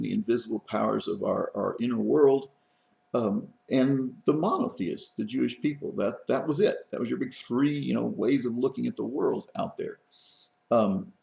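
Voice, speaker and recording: Guy lecturing a class, kinda gravelly, lots of ums and restarts, echoey room. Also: mid-range voice, a little mellow. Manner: conversational, many fillers and restarts.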